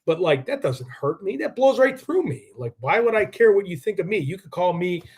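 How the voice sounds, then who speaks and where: A man's voice: high voice, big pitch swings, normal speed, darkish tone, slightly rough. A man hosting a live true-crime stream, rambling and combative, with lots of filler words. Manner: rambling, combative, heavy use of "like".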